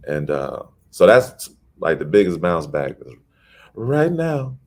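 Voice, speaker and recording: A man's voice: low-pitched, big pitch swings, slow pace. A middle-aged man from Chicago, a poet guest telling stories in a casual interview and animatedly acting out the people he quotes.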